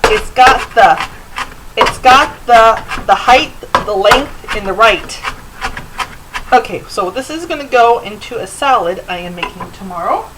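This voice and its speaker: A woman's voice: on the high side, lively intonation, a little slow, background noise. A middle-aged woman hosting a home cooking show, chatting loosely with fillers as she demonstrates in her kitchen.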